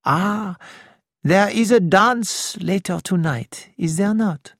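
Reader putting on a soft formal old detective guy, measured and slow, dry close sound. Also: mid-range voice, dry recording, pitched above the performer's own voice. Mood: courteous. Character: quiet, precise older foreign male detective.

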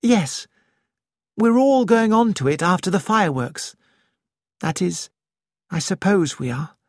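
A reader voicing a lively, restless young woman with a bright, breathless, gushing manner, in an audiobook. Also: medium pitch, unhurried, no echo, clean studio sound, voice pushed up. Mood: eager. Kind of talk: audiobook character voice.

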